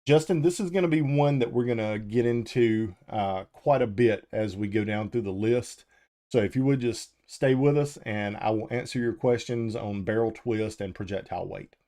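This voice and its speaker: A man's voice: lowish voice, moderate pace. A man hosting a live firearms show, talking casually and answering viewers' chat questions, with frequent ums and uhs. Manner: relaxed and conversational, with frequent "uh" and "um".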